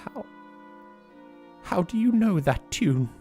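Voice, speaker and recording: Male GM as a puzzled, probing spy, pitched way up. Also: big pitch swings, slow pace, mellow, faint music behind, exaggerated voice.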